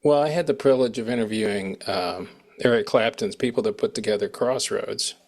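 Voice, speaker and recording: A man's voice: lowish voice, a little fast, vocal fry, a little mellow. A man hosting a casual interview, rambling and trailing off mid-sentence as he asks questions. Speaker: interviewer host.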